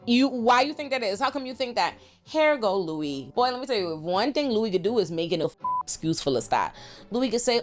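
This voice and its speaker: A young woman recapping a TV episode in a profane, animated way, slipping into put-on voices for quotes. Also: mid-range voice, normal speed, faint music behind. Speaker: pop culture commentator.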